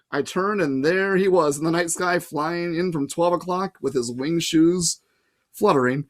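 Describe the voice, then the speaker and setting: A man's voice: fairly high pitch, moderate pace. Man casually reading a story aloud. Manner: casual, adds his own comments. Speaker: reader. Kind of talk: audiobook reading with asides.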